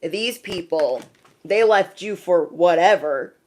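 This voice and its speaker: Her voice is lowish, darkish and expressive, and she takes her time. Giving a spiritual tarot reading to camera, this chatty reader calls the viewer "bestie" and slips into over-the-top voices for quoted people.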